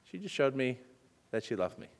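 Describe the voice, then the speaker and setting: A man preaching a sermon as a personal story, swinging between loud urgent bursts and hushed, soft passages. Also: mid-range voice, very animated, a little fast. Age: adult with children. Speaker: pastor.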